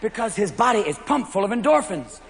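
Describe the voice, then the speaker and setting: Manic high-voiced comedian on a live stage. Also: male voice, very animated, vocal fry, long reverb tail. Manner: manic, rapid-fire, jumps into voices. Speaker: stand-up comedian. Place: large opera house stage. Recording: loud live crowd and room noise. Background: roaring audience laughter.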